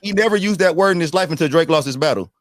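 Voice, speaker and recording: A man's voice: fairly high pitch, animated, very fast, no room sound. Blunt, emphatic man in podcast banter. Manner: blunt, emphatic, repeats himself. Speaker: podcast co-host. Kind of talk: casual livestream chat.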